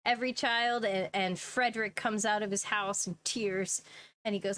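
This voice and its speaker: A woman running a tabletop game as game master. She narrates casually, laughing and using fillers, at a middle pitch. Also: fairly even intonation, normal speed, a bit bright.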